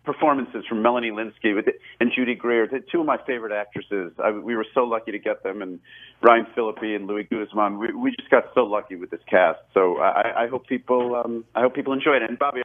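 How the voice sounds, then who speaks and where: A man's voice: on the low side, fast. A man in his forties, a guest actor chatting in an interview, rambling and self-deprecating with lots of restarts and laughs. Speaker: actor and film director, guest. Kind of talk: casual interview over a phone line. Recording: tinny phone line.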